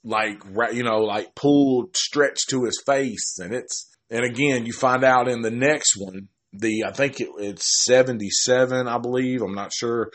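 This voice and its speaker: A man casually retelling a horror film's plot, rambling and swearing constantly, often stopping to restart a sentence and tossing in the characters' lines as quick quoted asides. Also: medium pitch, fairly bright tone. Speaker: film reviewer. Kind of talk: casual profane film recap.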